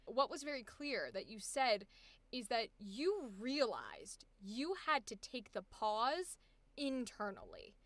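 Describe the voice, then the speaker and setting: A woman's voice: fairly high pitch, sing-song, slow, fairly bright tone. A woman coaching a voice actor live, enthusiastic and encouraging as she gives feedback. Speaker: voice acting coach.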